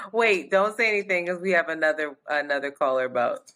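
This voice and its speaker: A woman's voice: low-pitched, animated, brisk, fairly bright tone, a little hiss or hum. A woman co-hosting a podcast, chatting casually in a candid, loose way with frank swearing. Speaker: podcast co-host. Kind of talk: casual chat.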